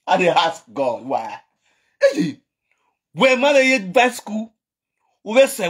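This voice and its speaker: Nigerian male vlogger, high lively pitch, raspy, mocking rant. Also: slow pace, pauses often. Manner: scolding, mocking, repeats phrases, laughs between lines. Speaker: online commentator. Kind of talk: ranting vlog commentary.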